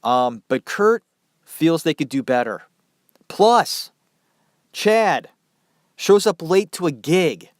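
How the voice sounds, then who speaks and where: A man with a naturally nasal voice, made thicker by a stuffy head cold, tells a story in an unhurried, casual podcast manner. He drifts into loose, profane asides. The sound is dry and close, with no room around him. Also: fairly high pitch, big pitch swings, dry recording. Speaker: podcast host.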